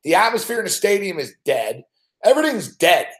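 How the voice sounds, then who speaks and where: High-voiced, cursing sports host. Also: male voice, sing-song, a little fast, roomy sound. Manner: swears constantly, rants in frustrated outbursts. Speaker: sports betting show host. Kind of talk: profane live-stream rant.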